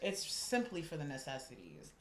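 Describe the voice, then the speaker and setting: A young woman chatting casually with a friend, telling a dating story in a heated, animated way. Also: low-pitched, moderate pace, roomy sound, noisy background. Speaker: guest, host's friend. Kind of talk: casual chat.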